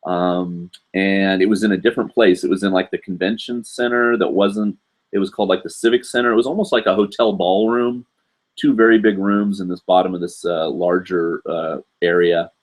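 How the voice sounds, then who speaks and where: Guy in his 40s hosting a live stream, deep voice, rambly and full of ums. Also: steady tone, moderate pace. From United States. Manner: rambling, lots of fillers and asides. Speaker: live show host. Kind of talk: casual live stream chat.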